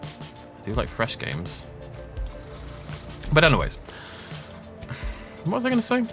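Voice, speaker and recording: Male streamer, chatty and self-mocking, very lively pitch, faint game music. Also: slow, creaky. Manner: rambling, self-deprecating. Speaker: gaming YouTuber. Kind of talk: casual let's play commentary.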